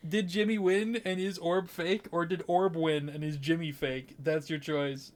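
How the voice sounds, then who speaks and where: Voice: medium pitch, steady tone, measured pace. A podcast co-host running a guessing game, teasing the other host and laughing often. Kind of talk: casual comedy podcast chat.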